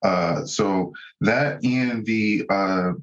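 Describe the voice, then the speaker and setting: A man's voice: lowish voice, drawn-out words, highs cut off. A man speaking as a guest therapist in a casual conversation, reflective and explaining ideas step by step.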